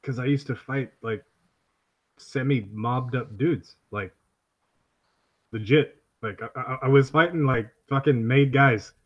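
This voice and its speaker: A man's voice: medium pitch, unhurried, lo-fi sound. Blunt, crude man in casual chat. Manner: blunt, crude, stammers on restarts.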